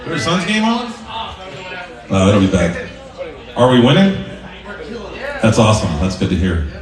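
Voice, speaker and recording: Between songs, a bar singer and guitarist banters live with the crowd indoors, teasing them with jokes in a voice on the low side that swings hugely in pitch at a moderate pace. The mic is distant, and the echoey bar recording, taped from afar, picks up guitar.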